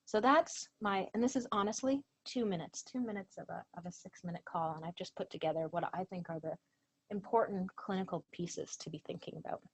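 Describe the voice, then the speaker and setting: A woman presenter giving an earnest lecture to a professional training audience, animated when she quotes others. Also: fairly low pitch, fairly quick, slight background noise, rough recording.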